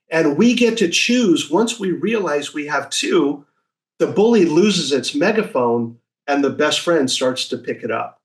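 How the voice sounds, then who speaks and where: A man in his sixties telling stories as a podcast guest, lively and acting out the voices of people he quotes. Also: a little high, measured pace. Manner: animated, acts out quoted voices. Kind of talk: casual storytelling.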